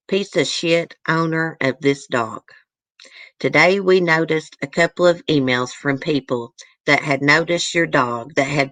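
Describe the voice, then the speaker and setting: A woman's voice: deep voice, a bit bright, no room sound. A woman host reading a letter aloud to her viewers in an earnest, easily moved way, stopping now and then to comment.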